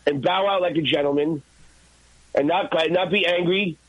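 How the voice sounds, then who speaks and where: A man, a guest and former radio intern, telling an animated, profane story in a podcast interview. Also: a little high, moderate pace, dry recording, dull audio. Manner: profane, excited, acts out his own shouts.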